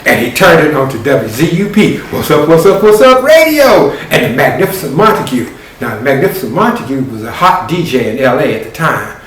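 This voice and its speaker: Male storyteller, live performance, animated, spoken sound effects, lively pitch, very echoey room, distant mic. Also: brisk, hardly any pauses, a little hiss or hum.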